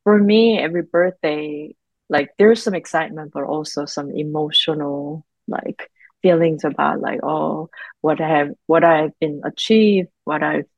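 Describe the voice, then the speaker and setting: Woman host, very low gravelly voice, encouraging, dry dull-sounding recording. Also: unhurried, no room sound. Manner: encouraging, soft murmured affirmations. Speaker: holistic healer and host. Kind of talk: supportive conversation.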